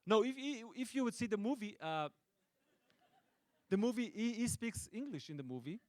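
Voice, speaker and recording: A middle-aged Israeli man, a native Hebrew speaker and film director, answering audience questions with playful, deadpan jokes and frequent restarts. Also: high-pitched, normal speed, dry recording. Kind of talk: joking audience Q&A. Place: stage at a film festival event.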